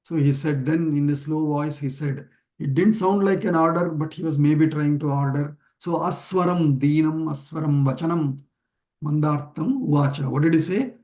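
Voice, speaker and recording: A man teaching a weekly online class over a video call, explaining a chanted text slowly and word by word, with many pauses and fillers. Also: fairly high pitch, a little mellow. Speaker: teacher of scripture.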